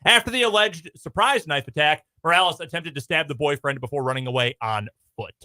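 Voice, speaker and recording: A man's voice: fairly high pitch, fairly quick, bright, forceful tone. A male sports radio host reading out a news story in a radio studio, with wry asides.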